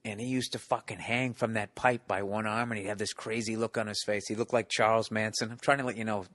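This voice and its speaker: A man's voice: fairly low pitch, flat delivery, fast, a bit bright, no echo. A middle-aged man hosting a podcast, telling profane stories and acting out the people in them. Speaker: podcast host. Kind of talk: casual chat, storytelling.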